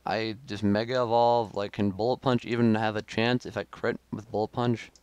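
Young male gaming creator, smooth clear voice, dry close sound, frustrated live commentary. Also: lowish voice, little pitch movement, normal speed, darkish tone, dry recording. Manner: frustrated, self-critical running commentary with sudden outbursts.

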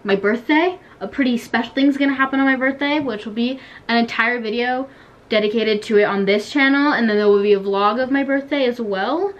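A teenage girl chatting casually while playing an online game, giggly and quick to complain, then wrapping up her vlog. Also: fairly high pitch, dull audio. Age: teens. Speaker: YouTuber. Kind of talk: casual gaming vlog chat.

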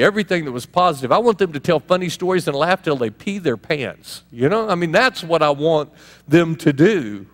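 A male pastor preaching in a lively, conversational way, with laughs and asides to the congregation. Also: a little high. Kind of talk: sermon. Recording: long hall reverb.

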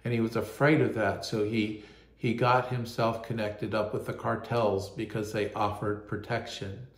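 A man, a pastor, telling a personal testimony in an earnest, halting way, often repeating words as he goes. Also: fairly low pitch, flat delivery, roomy sound.

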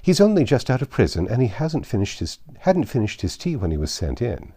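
A man's voice: medium pitch, wildly swooping pitch, fairly quick, warm tone, slightly rough, pitched above the performer's own voice, full character voice. A man voicing a sullen, breathless royal messenger who answers bluntly.

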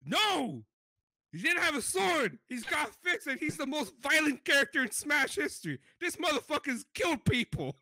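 A man with a very bright, high voice talks in a fast, lively rush of excitement. He swears freely and jumps between a high pitch and deep mock voices. The sound is dry and close. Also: dry recording. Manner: animated, swearing, mimics deep voices of company speakers. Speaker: podcast co-host. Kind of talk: excited casual chat.

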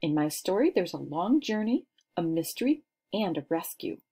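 A woman's voice: on the low side, big pitch swings, moderate pace, mellow, breathy edge, heavily acted. A woman voicing a poised, commanding second-grade girl who tells theatrical stories to her class. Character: bossy, confident second-grade girl storyteller.

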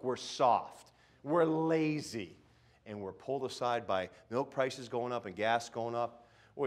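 A middle-aged man preaching a sermon in a church, conversational, swinging between loud pronouncements and muttered asides and acting out mocking quoted voices. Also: mid-range voice. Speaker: pastor. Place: church sanctuary.

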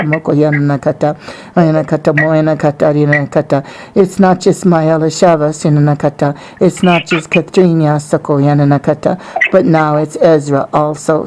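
A woman's voice: deep voice, noisy background, pitched below the performer's own voice, natural voice. A woman voicing a solemn divine male figure giving prophecy, with rhythmic chanted refrains in tongues between phrases. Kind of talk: prophetic utterance.

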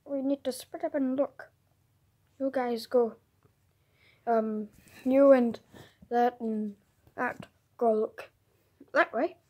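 A woman narrating a toy adventure, soft-spoken and musing as she moves the characters along. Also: fairly high pitch, steady tone, slow, long pauses. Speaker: toy video storyteller.

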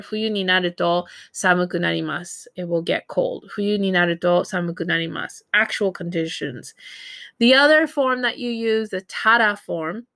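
A woman's voice: medium pitch, a bit bright, no room sound, clean studio sound. A woman teaching a recorded Japanese grammar lesson, explaining in a casual way with many fillers and self-corrections.

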